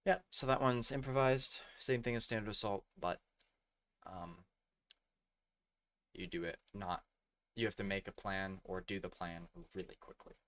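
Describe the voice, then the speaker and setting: A man's voice: sits low, fairly even intonation, fairly bright tone. Young man stumbling through a read-aloud tutorial. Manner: halting, stumbling over words and correcting himself. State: losing his voice. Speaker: gaming community tutorial presenter. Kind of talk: reading slides aloud with stumbles.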